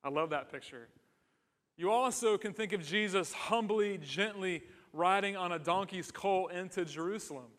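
Casting: earnest sermon from a high-voiced man, echoey church hall. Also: normal speed, a bit bright. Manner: earnest, conversational, with restarts and humor. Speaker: pastor.

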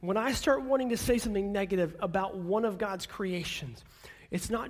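A male pastor in his thirties giving an earnest sermon, speaking gently and then building to emphatic declarations. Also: high voice, moderate pace.

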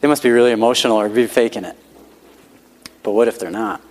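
A pastor with a lowish voice delivers a fast, conversational sermon, emphasizing points by repeating key lines and dropping "like" often, recorded in a hall with lengthy reverb.

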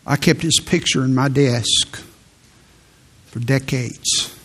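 Speaking slowly in a medium-pitched, slightly bright voice with a breathy edge, a pastor delivers a sermon. His personal stories are earnest, and his scripture reading builds into fervor.

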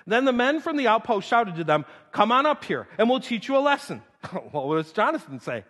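Male pastor, sermon delivery, high and very expressive, big hall reverb, playful asides. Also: brisk. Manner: animated, humorous, acts out scripture quotes. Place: church sanctuary. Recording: long reverb of a large hall.

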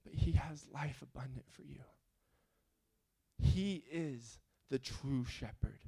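A man preaching a sermon, moving between quiet questioning and loud, fervent appeals. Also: medium pitch, slow, gravelly, husky.

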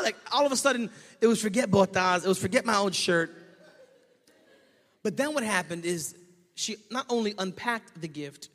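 A male pastor preaching a sermon, telling a story and swinging from shouting to hushed tones. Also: high voice. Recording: echoey hall.

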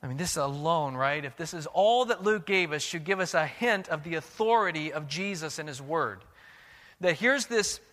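A man's voice: fairly high pitch, expressive, normal speed, a bit bright, long reverb tail. A man preaching a sermon as pastor, earnest and questioning, often restarting his words.

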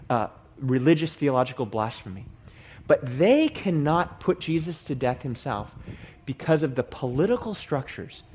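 A man's voice: mid-range voice, darkish tone. A man leading a Bible study, walking through a passage and explaining it, restating and repeating points for emphasis. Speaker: Bible teacher.

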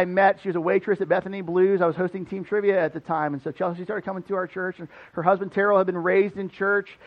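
A man preaching as a pastor, telling a personal story in a casual, animated way full of "like" fillers. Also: sits high, lo-fi sound. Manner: conversational, animated, many "like" fillers. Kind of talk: storytelling sermon. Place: church building.

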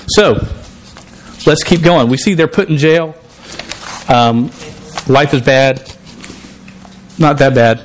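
A man with a drawl preaches to a congregation, talking in a loose, conversational way. His voice sits a little high for a man. He often stumbles, repeats words and restarts his sentences. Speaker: pastor. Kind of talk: sermon.

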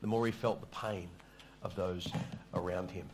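A man's voice: low voice, fairly even intonation, moderate pace. A middle-aged man preaching a sermon, telling a story in a conversational, self-deprecating way with small stammers. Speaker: pastor.

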